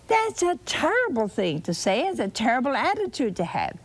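A woman preaching a sermon, telling a scripture story slowly and expressively with dramatic repetition. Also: a little high, very animated.

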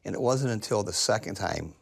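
An older man talks slowly and haltingly, restarting his sentences and filling the pauses. His voice is low, husky and gravelly. He sounds like a guest in a relaxed chat. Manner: halting, with many fillers and restarts. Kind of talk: casual conversation.

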